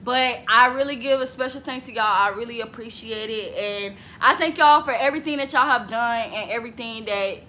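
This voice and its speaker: A woman of twenty chatting casually to camera in a vlog, lively and talkative, breaking into bits of song. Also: on the high side, fairly quick, few pauses, slight background noise. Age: 20s. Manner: chatty, animated, laughs and sings bits. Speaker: vlogger.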